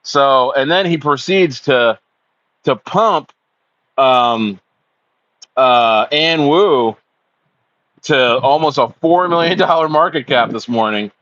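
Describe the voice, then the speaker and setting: A young man chatting casually on a livestream, excitable and rambling, calling his viewers bro and dude. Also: mid-range voice, slow pace, pauses often, no room sound, highs cut off. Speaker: crypto livestreamer.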